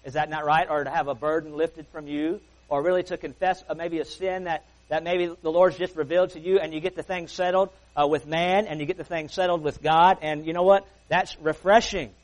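A man preaching a sermon in a church service in an earnest, folksy way, swelling on key words and then dropping low and soft. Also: steady tone, fairly quick, few pauses, poor audio. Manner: folksy asides.

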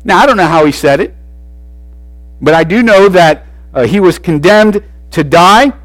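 Preacher guy giving a sermon, kinda high voice, goes loud then soft, lots of restarts, dry close sound. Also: normal speed, no room sound, rough recording. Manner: animated, swings between loud and soft, frequent restarts.

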